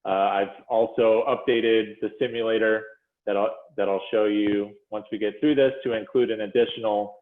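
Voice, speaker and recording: A man presenting figures to a commission in a measured, explanatory way, with frequent fillers and self-corrections, speaking over a video call. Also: fairly low pitch, steady tone. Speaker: presenter to a school funding commission. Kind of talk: policy presentation walking through slides. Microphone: video call audio. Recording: phone-like echoey video call audio.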